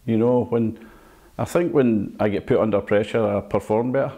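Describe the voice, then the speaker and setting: An older Scottish former footballer telling stories from his career in a relaxed interview, acting out old exchanges and laughing at himself. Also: fairly low pitch, normal speed. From Scotland. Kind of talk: casual reminiscing interview.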